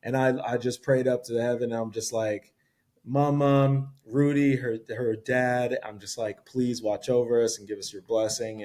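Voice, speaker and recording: A man appearing as a podcast guest tells a story casually and with lots of animation, acting out what people said. His voice is medium-pitched and his pace moderate.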